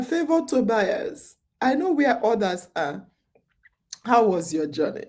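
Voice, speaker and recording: Sleepy, chatty woman with a mellow voice. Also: fairly high pitch, very animated, takes it slowly. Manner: chatty storytelling, repeats phrases, many fillers. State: sleepy, yawning. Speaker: podcast host. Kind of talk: casual live-stream chat.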